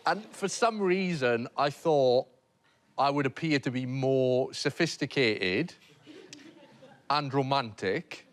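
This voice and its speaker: A man's voice: mid-range voice, takes it slowly. A man telling a comic story on a TV panel show, hesitant and self-mocking, with many fillers and restarts.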